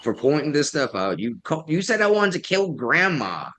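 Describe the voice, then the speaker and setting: A man's voice: fairly high pitch, sing-song, normal speed, pushed and bright. A man co-hosting a casual political chat show, talking in a sarcastic, mocking way and often mimicking others. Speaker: podcast co-host.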